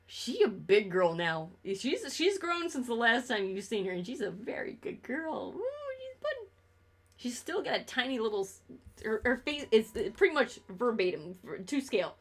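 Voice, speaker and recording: A woman's voice: a little high, very animated, normal speed, fairly bright tone. Profane, sarcastic young woman streamer. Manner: profane, rambling and sarcastic, often laughing. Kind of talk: casual chat while gaming on stream.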